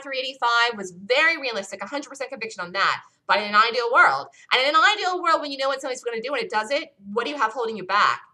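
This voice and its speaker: A woman's voice: medium pitch, pushed and bright, poor audio. A woman leading a live stock-chart review for traders, talking emphatically, repeating her points and asking listeners for questions. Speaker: trading room leader.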